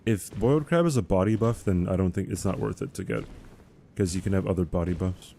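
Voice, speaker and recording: A man with a lowish, mellow voice chats casually while streaming a game. He rambles through answers to chat questions, with a faint background hum. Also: fairly quick, creaky.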